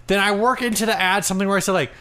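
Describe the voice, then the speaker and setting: A man's voice: high voice, fairly even intonation, very fast, bright, forceful tone. A young man co-hosting a podcast after a few drinks, joking around and breathing hard into the mic. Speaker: podcast co-host. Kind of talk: casual chat.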